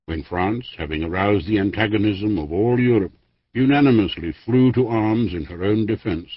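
A man reading a history book aloud as an audiobook narrator, in a measured, formal way with lively emphasis. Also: lowish voice, slightly rough, no echo. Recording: dry, dull lo-fi studio recording.

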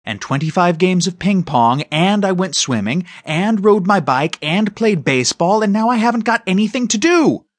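A man voicing an eager, restless young boy inventor in an audiobook, with excited, whining bursts. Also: on the high side, unhurried, husky, no echo, full character voice.

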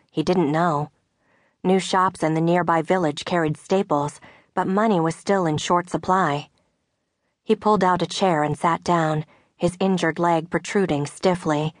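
Soft-spoken woman narrating an audiobook. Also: on the low side, dry recording, studio quality. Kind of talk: scripted narration. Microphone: studio mic.

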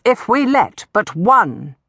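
A woman voicing a pompous village chaplain who speaks slowly and solemnly. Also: on the high side, sing-song, a bit bright, no echo, voice pushed up, heavily acted. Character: pompous double-chinned village chaplain man.

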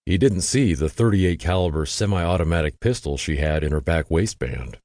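A man reading a true-crime audiobook in steady, expressive scripted narration on a close studio mic. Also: deep voice, normal speed, dry recording.

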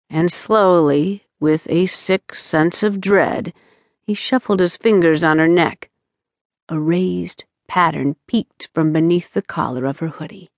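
A woman narrating an audiobook in a steady, measured storytelling manner on a close studio mic. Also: sits low, no room sound. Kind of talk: scripted narration.

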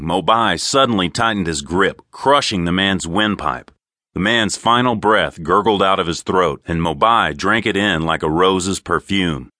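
A man narrating an audiobook in an expressive, crisp storytelling manner. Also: low voice, no echo, clean studio sound. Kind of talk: scripted narration.

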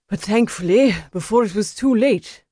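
A woman voicing a pompous, testy gentleman emissary who speaks haughtily and sounds out of breath. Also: mid-range voice, moderate pace, no echo, studio quality, voice pushed up, close to an everyday voice. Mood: huffy, haughty.

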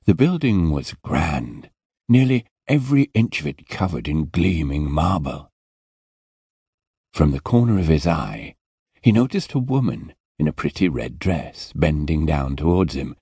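Male audiobook narrator, very deep and husky, dry close studio sound. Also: no room sound. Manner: unhurried, expressive storytelling. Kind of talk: scripted narration.

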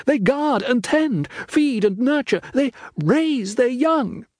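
A man voicing a desperate young daughter who pleads in a high, strained voice. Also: animated, slow, a little mellow, dry recording, clean studio sound, full character voice. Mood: pleading.

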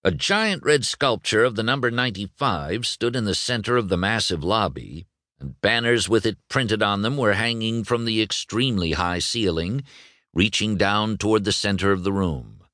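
A man reading a children's novel aloud, expressive and voicing every character. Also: lowish voice, moderate pace, dry recording, studio quality. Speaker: audiobook narrator. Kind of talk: scripted storybook narration.

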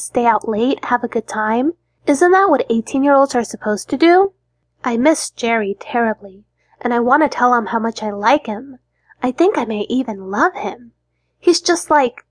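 A woman narrates a first-person audiobook in a sulky, petulant young-adult tone. Her voice sits fairly high, and the close studio recording is bone dry. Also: dry recording.

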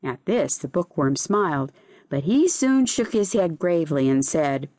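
Expressive woman reading a fable. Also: sits low, dry recording, clean studio sound. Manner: measured, expressive storytelling. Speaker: audiobook narrator.

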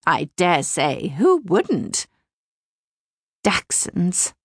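A woman's voice: lowish voice, wildly swooping pitch, extremely slow, vocal fry, husky, dry recording, full character voice. A woman narrator voicing a chattering, snobbish middle-aged mother who prattles and gossips, in an audiobook. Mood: chatty. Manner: prattling, gossipy, easily scandalised. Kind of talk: audiobook character reading.

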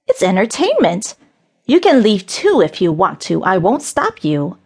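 A woman voicing a sly, cruel witch who speaks slowly, in a menacing, mock-gentle way. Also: mid-range voice, wildly swooping pitch, slightly rough, heavily acted.

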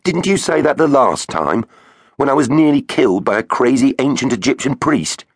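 A man's voice: medium pitch, very animated, moderate pace, husky, no room sound, clean studio sound, pitched above the performer's own voice. A man voicing a wary, sceptical young boy who protests in a raised, strained voice, in a children's audiobook. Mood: reluctant.

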